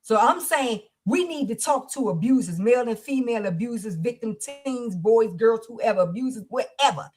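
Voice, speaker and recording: A woman's voice: on the high side, lively intonation, moderate pace, hardly any pauses, darkish tone. A woman hosting a livestream support circle, speaking in a fervent, preacher-like way. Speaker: host. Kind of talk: livestream talk.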